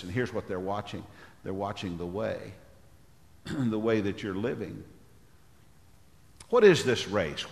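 An older man preaching a sermon as pastor, with a big, loud voice, often clearing his throat. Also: lowish voice, roomy sound, big-room sound.

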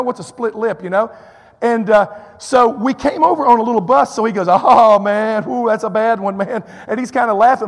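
A man's voice: very high-pitched, big-room sound. A man from Texas preaching a sermon, telling a story and acting out what people said, with lots of "you know" asides. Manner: animated, acts out quotes, drawling fillers.

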